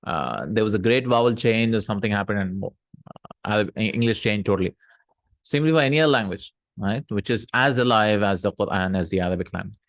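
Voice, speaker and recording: A man teaching a recorded Arabic grammar lesson, reading example sentences aloud, translating them, and checking in with quick "hmm?" and "no?" asides. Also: fairly low pitch, lively intonation, no echo. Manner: explanatory, checks in with frequent "hmm?" and "no?".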